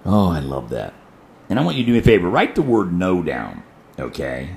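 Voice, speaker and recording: A man pastor preaching a sermon, dramatic, repeating key lines and swinging between soft and loud. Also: sits low, wildly swooping pitch, brisk, gravelly, echoey room.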